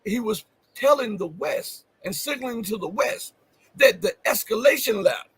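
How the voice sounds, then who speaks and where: A man's voice: high-pitched, animated, moderate pace, fairly bright tone, husky, no room sound, rough recording. A man hosting a livestream, giving commentary, stressing key phrases by repeating them and asking viewers questions. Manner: addresses viewers directly with questions. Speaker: show host.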